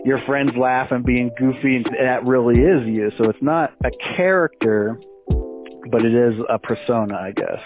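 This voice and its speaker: A stand-up comedian telling stories in a casual phone chat, loose and freely swearing. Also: male voice, mid-range voice, moderate pace. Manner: loose, animated storyteller who swears freely. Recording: tinny phone line with music behind.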